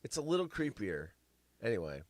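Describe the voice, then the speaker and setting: A man's voice: lowish voice, big pitch swings, fairly quick, no room sound. A man hosting a casual chat show, reading news stories aloud with rambling jokes and stumbles. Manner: rambling, joking, stumbling over words while reading. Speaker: show host.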